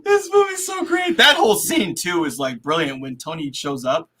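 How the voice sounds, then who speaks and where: A man co-hosting a film podcast, chatting casually and excitedly, acting out movie lines and breaking into laughter. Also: on the high side, normal speed, crowd noise. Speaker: podcast co-host.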